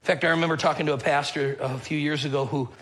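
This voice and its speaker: Male pastor, slightly high voice, casual joking sermon delivery. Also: steady tone, quick pace, fairly bright tone, poor audio. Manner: conversational, joking storyteller with a casual drawl.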